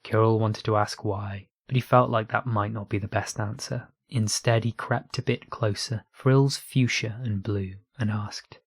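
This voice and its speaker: A man narrating a science fiction story aloud in a steady, unhurried reading voice. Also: lowish voice, husky, no echo. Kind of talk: audiobook reading of online fiction.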